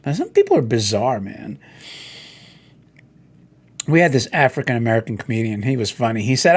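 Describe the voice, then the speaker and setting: A man's voice: mid-range voice, normal speed, pauses often, slightly rough. A middle-aged man hosting a casual solo chat, rambling and telling stories while he browses toy listings. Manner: rambling, animated storytelling with quoted voices. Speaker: host.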